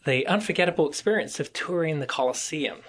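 A middle-aged man hosting a reflective talk on psychology, telling stories in a calm, conversational way. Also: a little high, quick pace. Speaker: host.

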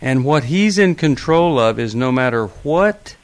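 Brisk friendly male radio host. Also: mid-range voice, lively intonation. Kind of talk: call-in radio talk.

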